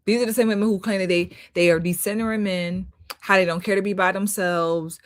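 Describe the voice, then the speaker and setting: A woman's voice: lowish voice, fairly even intonation, fast, dry recording. Critical woman host, dry close sound. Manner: critical, repeats herself for emphasis, talks to viewers as y'all. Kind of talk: live-stream commentary.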